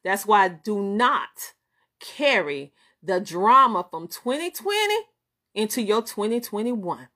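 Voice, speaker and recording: A business coach with a Southern US accent hosts a motivational live stream, her medium-pitched voice pushed and bright, with big pitch swings and a slow pace. She speaks emphatically, repeats her points, and greets viewers by name.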